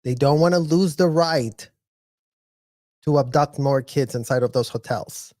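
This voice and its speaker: A man speaks with passion on a live video call, his mid-pitched voice dry and close. He is emphatic and slows down to stress his key words. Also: darkish tone, no room sound. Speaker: guest on live stream. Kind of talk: casual chat, impassioned commentary.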